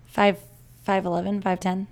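A woman's voice: mid-range voice, level tone, normal speed, crowd noise. A woman guest on a podcast in casual chat, talking chattily with many fillers. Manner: chatty, filler-heavy, lots of "like".

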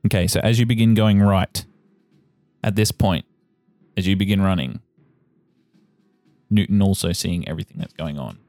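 A very low-voiced man guiding a tabletop game, calmly describing each scene to the players. The sound is dry and close, with faint music playing behind. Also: moderate pace, pauses often, no room sound. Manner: steady, descriptive narration with repeated "you watch". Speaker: game master.

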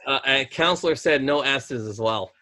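Bright, emphatic man rambling on a podcast. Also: medium pitch, normal speed. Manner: rambling and emphatic, stalls to hunt for words. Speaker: podcast co-host. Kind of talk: casual podcast chat.

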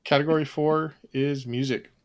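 A man's voice: on the high side, fairly even intonation, moderate pace. Man hosting a trivia quiz. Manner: dry, reads questions and scores. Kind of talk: casual podcast quiz hosting.

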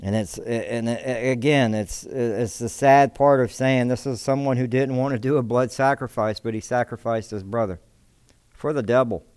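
A man preaching a sermon, moving between loud emphatic lines and quiet low asides, often repeating words for stress. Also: clean tone, dry recording, clean studio sound.

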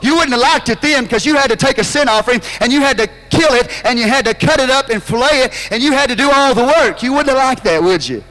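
Male pastor, very high, bright and forceful voice, impassioned sermon delivery with shouts. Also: poor audio. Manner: impassioned preaching with drawn-out phrases and sudden shouts.

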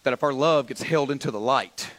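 A pastor preaching a sermon to his church, calling on the congregation to answer back, with frequent stammered restarts and swings up to loud exhortation. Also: medium pitch, fairly quick. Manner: builds from calm teaching to loud, rising exhortation; frequent repeated starts and stammers. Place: church sanctuary.

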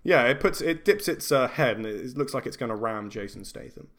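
A man's voice: mid-range voice, lively intonation, brisk, a bit bright. A man narrating a comedy tabletop game as game master, rambling and laughing between restarts.

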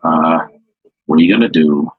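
Man voicing a regretful trapped mug spirit, low, breathy, dry, muffled audio. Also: no echo. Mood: rueful. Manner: slow, hesitant, regretful. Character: sad trapped man's soul in a mug.

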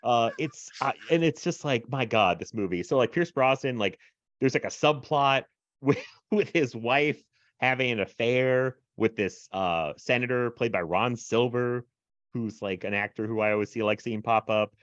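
A man's voice: mid-range voice, normal speed, fairly bright tone, no echo, muffled recording. A man co-hosting a podcast in casual chat, rambling with lots of fillers and frequent laughs. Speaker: podcast co-host.

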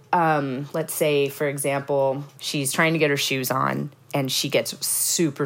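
A woman, a mother, chatting casually on a parenting podcast and telling stories about her child, laughing often. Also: low voice.

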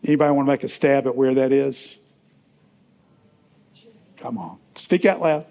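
A man's voice: medium pitch, normal speed, gravelly, dark tone, in a large hall. A man preaching a conversational sermon in a church, rambling a little and asking the congregation questions. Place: church sanctuary.

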